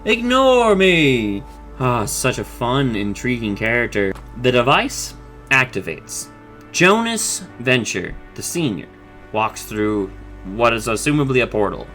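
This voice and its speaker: Bright-voiced man rambling through a recap. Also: mid-range voice, animated, faint music behind. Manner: rambling, profane, quick retelling with acted quotes. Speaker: show recap vlogger. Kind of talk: casual episode recap.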